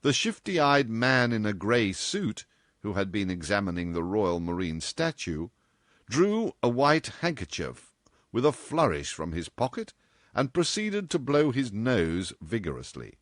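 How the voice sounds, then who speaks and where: A man narrating a novel with an expressive, strongly varied delivery. His pitch rises and falls widely through each sentence. The sound is close and dry. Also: unhurried, dry recording. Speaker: audiobook reader. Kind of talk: scripted audiobook narration.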